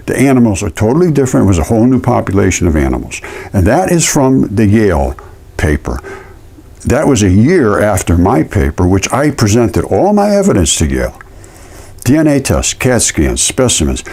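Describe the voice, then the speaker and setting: A man talking indignantly in a casual vlog while showing specimens, repeating himself as he tells the story. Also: fairly low pitch. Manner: indignant, repetitive, animated storytelling. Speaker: amateur fossil presenter.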